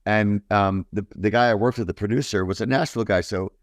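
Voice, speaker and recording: A baritone man from New York, a guest musician talking in a casual, rambling, enthusiastic way with many fillers. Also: brisk, no room sound, studio quality. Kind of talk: casual interview chat.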